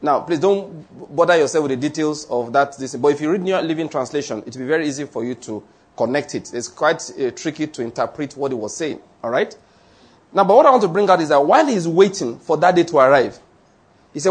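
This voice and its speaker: A man preaches in a husky, rather high voice. He delivers his sermon in an animated way, joking and acting out scenes as he goes. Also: a little fast. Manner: animated preaching with humor and acted-out anecdotes. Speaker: pastor.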